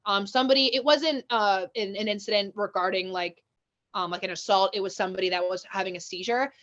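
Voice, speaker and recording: A woman guest on a casual podcast, chatting quickly and eagerly. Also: medium pitch, a bit bright. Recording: dull lo-fi audio.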